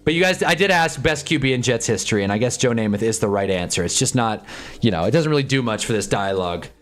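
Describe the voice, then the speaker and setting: A man hosting a live stream, chatting casually and sarcastically in a rambling, animated way, reading chat and reacting as he goes. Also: medium pitch, fast talker, faint music behind. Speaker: livestream host.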